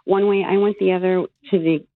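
A woman's voice: fairly low pitch, fairly even intonation, a little fast, no echo. A woman calling in to a radio show, telling her story in a blunt, emphatic way. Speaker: caller. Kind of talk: call-in storytelling. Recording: tinny phone line.

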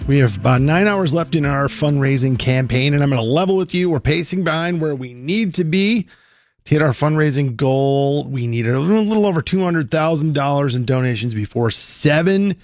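A man's voice: a little high, expressive, moderate pace, darkish tone, no echo. A man in a radio studio making an urgent, persuasive pledge-drive appeal. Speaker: fundraising host.

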